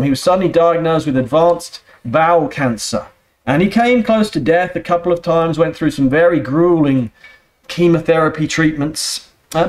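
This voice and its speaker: A man preaching a sermon in a church, earnest and steady, often turning to the congregation with rhetorical questions. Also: on the high side. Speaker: pastor.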